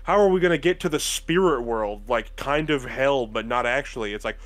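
A man's voice: medium pitch, a little fast. A man chatting casually as a co-host, sardonic and joking, swearing freely. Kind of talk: casual podcast chat.

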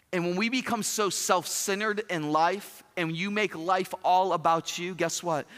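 An animated male pastor preaching in a large church hall, his voice high and bright. He plays out little dialogues and throws questions at the crowd, with a long reverb trailing every line. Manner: animated, acts out quoted dialogue, asks the congregation questions. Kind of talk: sermon.

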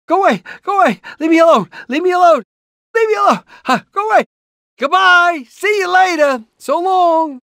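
A jittery cartoon rooster dad, fussy and easily rattled, stammering through his lines. His voice sits high and swings widely, yelping up when frightened, yet he talks at an unhurried pace in a dry, close recording. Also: very animated, a bit bright, dry recording, full character voice. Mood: panicky. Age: older. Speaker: voice actor in a video game.

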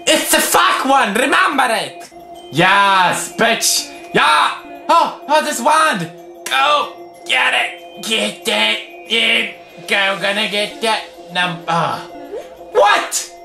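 A young man in his twenties with a Swedish accent, commentating a game while swearing, muttering low and yelling high. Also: sing-song, drawn-out words, vocal fry, echoey room, soft background music. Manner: loud, swearing, swinging between low mutters and high yells. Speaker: gaming video host. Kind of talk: gameplay commentary.

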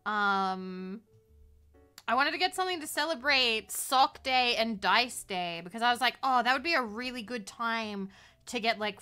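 A woman's voice: on the high side, sharp tone, clean tone. A woman streaming a game, chatting casually, giggling often and swearing freely. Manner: giggly, swears a lot, bursts into shrieking laughter. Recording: faint music behind.

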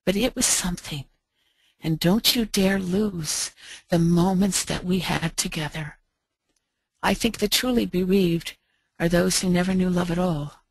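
Middle-aged American woman, low-pitched, gentle reflective storyteller, dry close sound. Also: gravelly, slightly rough, dry recording. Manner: gentle, slow, reflective with soft pauses. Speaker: speaker. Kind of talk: heartfelt storytelling talk.

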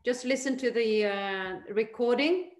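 Patiently and encouragingly, a woman teaches chanting to a group via video call, slowly demonstrating line by line. Her voice sits on the high side and sounds reverberant.

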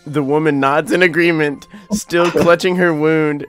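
A young man reads a goofy story aloud and keeps breaking off for jokes. His voice sits a little higher than most men's. Faint music plays underneath. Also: steady tone, a little slow, clear, resonant tone. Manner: jokey, giggly, reads story text aloud with asides. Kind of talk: casual chat reading an AI story aloud.

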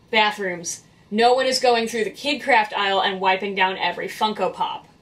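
A young woman vents on her vlog about cleaning up after strangers, blunt, exasperated and unafraid to swear. Her voice sits a touch high for a woman. It sounds a little distant from the microphone. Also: fairly bright tone. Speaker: vlogger who works in retail cleaning. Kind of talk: venting storytime vlog.

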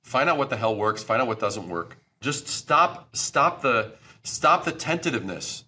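Brief: middle-aged male guest, bright forceful tone, blunt and profane, hammers his points. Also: mid-range voice, sing-song, moderate pace. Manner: blunt and emphatic, swears freely. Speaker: branding expert guest. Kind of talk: podcast interview.

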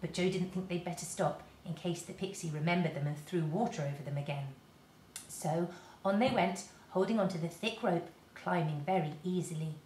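A woman, a teacher, reading a children's storybook aloud to her class in a lively, expressive way. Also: on the low side, normal speed, slight background noise. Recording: roomy echo.

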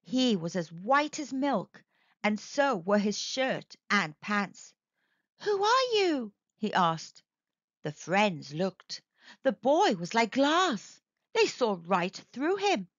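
A woman reading a children's storybook aloud in a slow, expressive, sing-song way. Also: mid-range voice, dry recording, muffled recording.

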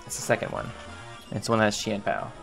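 A man's voice: lowish voice, quick pace, gravelly, fairly bright tone, faint music behind. A man giving casual gameplay commentary, thinking aloud, repeating himself and talking to his game characters. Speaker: gaming YouTuber.

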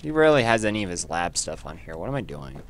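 A man giving casual commentary over his own gameplay, chatty and quick to exclaim when things go wrong. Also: deep voice, big pitch swings, a little hiss or hum. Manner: chatty, easily frustrated, exclaims at setbacks.

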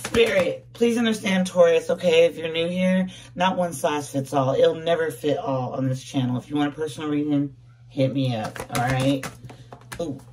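A tarot reader in a casual reading, voice going a bit hoarse, talking in a playful, slangy way with lots of repeated words and "okay?". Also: medium pitch, moderate pace, a little mellow, recorded from a distance, a little hiss or hum. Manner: jokes about putting on a fake accent.

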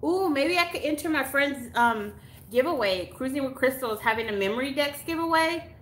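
A woman's voice: high-pitched, animated, brisk, a bit bright. A woman from Texas, gushing casually as she unboxes mail on a live stream. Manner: gushing, exclamatory, chatty, with gasps and laughs. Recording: echoey room.

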